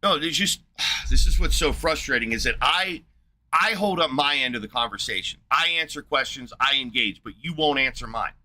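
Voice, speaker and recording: A man's voice: medium pitch, expressive, sharp tone. A man hosting a livestream, firing angry, profane questions at a chat participant he is frustrated with. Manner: combative, profane, rapid questioning. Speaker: livestream host. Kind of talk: heated livestream rant.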